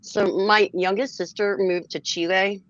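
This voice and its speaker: A woman from Philadelphia with a faint Philly accent chats casually, animatedly telling stories and laughing between lines. Her mid-range voice moves at a measured pace, and the recording is dry with the highs cut off.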